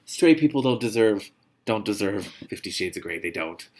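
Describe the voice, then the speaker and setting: A man's voice: animated, moderate pace, a little mellow. A man reading a novel aloud with comedic commentary, sarcastic and exasperated, swearing freely and muttering the narration. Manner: reads narration in a low muttering voice. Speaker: reader and commentator.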